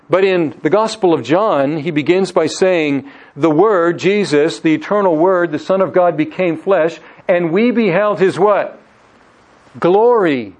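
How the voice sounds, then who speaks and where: Man, pastor, sermon, measured, slightly high voice, unhurried emphasis. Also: darkish tone. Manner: measured, slows down on key phrases.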